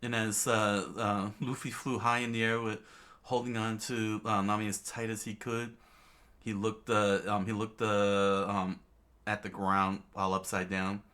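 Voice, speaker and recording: Low, slow, halting male reader. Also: level tone, pushed and bright. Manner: halting, many ums and restarts, chuckles. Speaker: narrator reading a comic aloud. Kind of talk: casual read-aloud narration.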